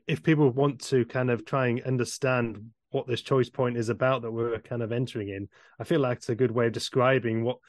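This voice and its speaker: A man's voice: medium pitch, fairly even intonation, a little fast, few pauses, no room sound, studio quality. A man hosting a casual conversation, speaking reflectively and hesitantly and laughing often.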